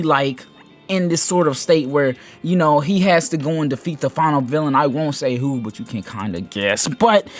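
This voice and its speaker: A man giving casual anime commentary, rambling and animated, with lots of fillers. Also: fairly high pitch. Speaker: anime video host.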